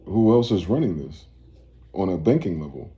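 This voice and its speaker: A man's voice: low-pitched, very animated, moderate pace, mellow, reverberant, a little hiss or hum. A man from New Jersey hosting a livestream, rambling, profane and ranting as he reads out chat comments. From East Orange, New Jersey. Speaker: livestream host.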